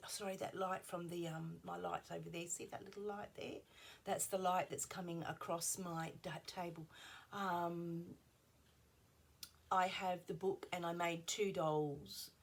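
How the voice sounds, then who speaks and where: Husky low-voiced woman chatting. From Australia. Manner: chatty, rambling, drifts into soft asides. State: slightly unwell. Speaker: craft vlogger. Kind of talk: casual show-and-tell chat. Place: at her craft table at home.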